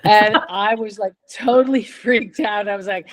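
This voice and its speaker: An older woman guest chatting in a relaxed way, telling lively stories and laughing often. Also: on the high side, moderate pace, few pauses. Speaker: guest chorus singer. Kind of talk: casual storytelling chat.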